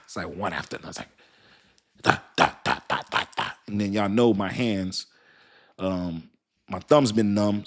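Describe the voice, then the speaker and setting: A man hosting a live crypto stream, talking to his viewers in a loose, slangy and rambling way with many restarts. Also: low voice. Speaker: crypto channel host. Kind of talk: casual livestream talk to viewers.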